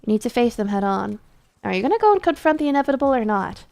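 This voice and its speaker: A dry, stern nun who delivers everything in a cool, measured deadpan, as a woman streamer puts her on. She sits lower and softer than the streamer's usual bright voice, unmoved by any panic around her. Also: gravelly, low-quality recording. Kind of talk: voice acting a game's dialogue on stream.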